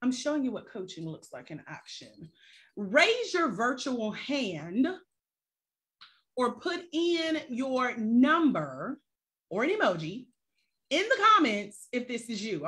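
A woman's voice: a little high, sing-song, a little slow, pushed and bright. A woman life coach on a live stream who talks straight to her viewers with casual slang and rhetorical questions.

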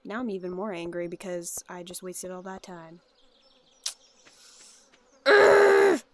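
A woman's voice: on the low side, little pitch movement, a little fast, darkish tone. A woman casually narrating her gameplay, chatting and exclaiming at the characters on screen. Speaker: let's play gamer.

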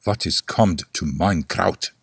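A man voicing a chorus of complaining housewives in a mock German accent, drawn out and slow. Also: deep voice, creaky, breathy edge, dry recording, studio quality, voice pushed down, heavily acted.

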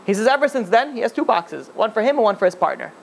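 A man's voice: sits high, very animated, quick pace, vocal fry, slight background noise. A man, a rabbi, telling a story in a lecture, with many restarts and fillers.

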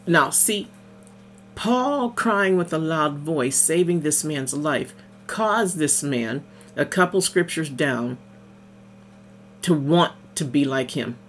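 A woman's voice: low voice, lively intonation, slow, slight background noise. A woman minister giving a casual devotional sermon over morning coffee. She reads scripture aloud, explains it in plain conversational words, and often says amen and hallelujah.

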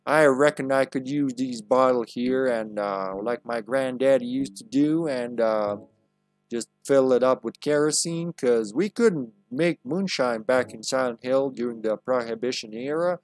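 A man's voice: mid-range voice, normal speed, dry recording, natural voice. A man voicing a teenage girl heroine with a folksy Southern drawl, spinning tall tales.

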